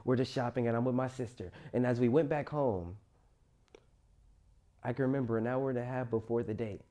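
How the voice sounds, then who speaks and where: A young man telling his own life story as a monologue, rising loud in places and sinking quiet in others. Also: mid-range voice, fairly even intonation, a little fast. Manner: emotional, rises loud then drops quiet. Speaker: motivational storyteller.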